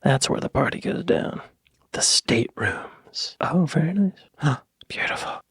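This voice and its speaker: A man hosting a reaction video. He talks in a playful, joking way and often drops into soft whispered asides. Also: on the high side, moderate pace, creaky, slightly rough, no echo, studio quality. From United States. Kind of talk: casual reaction commentary.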